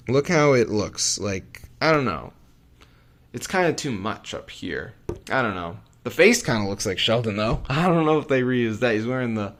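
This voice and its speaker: A man reviewing building toys in a casual vlog, rambling and hesitant, with lots of fillers and self-corrections. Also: on the low side. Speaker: toy reviewer.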